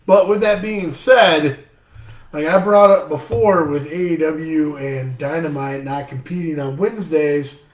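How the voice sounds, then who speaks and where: A man's voice: on the high side, normal speed. A man co-hosting a wrestling podcast, speaking casually with emphatic swearing. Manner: profane, emphatic. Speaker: podcast co-host. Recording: echoey room.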